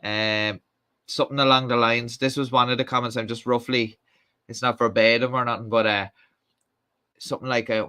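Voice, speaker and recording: A man's voice: mid-range voice, flat delivery, normal speed, sharp tone, smooth. A young Irish man hosting a live stream, chatting casually and reading out viewer comments, with lots of fillers and restarts. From Ireland. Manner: rambling, many fillers and restarts.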